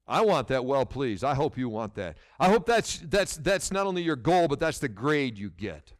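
Male pastor, middle-aged, preaching, animated intonation, slightly high voice, rhetorical questions. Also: normal speed, few pauses. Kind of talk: sermon.

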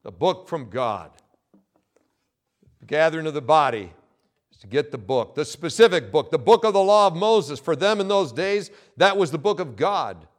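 Guy preaching a sermon, high voice, punches key words over and over. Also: animated. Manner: emphatic preaching with repeated phrases and dramatic pauses. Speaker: pastor.

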